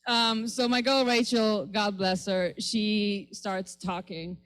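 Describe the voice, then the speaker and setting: A woman's voice: medium pitch, steady tone, clean tone, poor audio. A woman from the Middle East doing a brash, profane stand-up routine. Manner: brash, profane, quick punchlines. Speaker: stand-up comedian.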